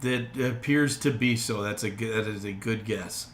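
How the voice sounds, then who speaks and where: A man's voice: lowish voice, moderate pace, reverberant, slight background noise. A man narrating a tabletop game as game master, in an easygoing way with frequent laughs.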